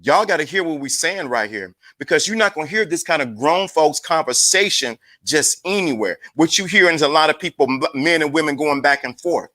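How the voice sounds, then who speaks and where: Hyped bright-voiced male livestream host. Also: a little high. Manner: hyped, emphatic, repeats himself. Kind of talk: casual livestream chat.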